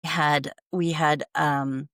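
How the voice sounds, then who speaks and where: A woman's voice: deep voice, flat delivery, extremely slow, fairly bright tone, no echo, clean studio sound. An American woman, a company CEO and podcast guest, telling earnest stories in conversation and acting out bits of dialogue, often restarting her sentences. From United States. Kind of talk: conversational interview storytelling.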